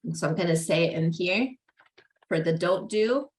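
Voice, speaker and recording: Speaking at a moderate pace in a lowish voice, a young woman delivers a relaxed psychology lecture in an echoey classroom. Her talk is chatty and peppered with "like" and "right?" as she imitates what parents say.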